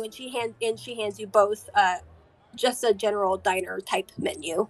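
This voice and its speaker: A woman narrating as game master of a tabletop game, halting often with fillers and restarts. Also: mid-range voice.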